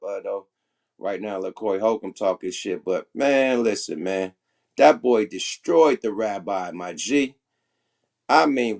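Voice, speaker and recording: Profane, emphatic male livestream host. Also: medium pitch. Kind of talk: casual livestream commentary.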